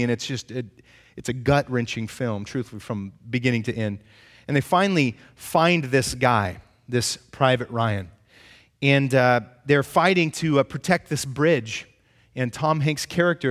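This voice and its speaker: A man preaching a sermon as a pastor, shifting from hushed, slow storytelling to rising, impassioned appeals. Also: mid-range voice. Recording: long hall reverb.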